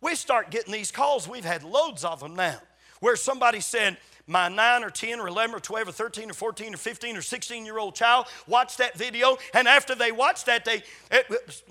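A man's voice: sits high, bright, forceful tone. An older man, a pastor, preaching a sermon and telling stories, acting out quoted conversations with emphatic repetition. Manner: storytelling, acts out quoted dialogue with emphatic repetition.

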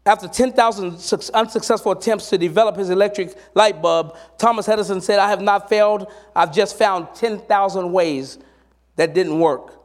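A man's voice: sits high, moderate pace. A middle-aged man preaching a sermon, telling personal stories and rising to emphatic exhortation.

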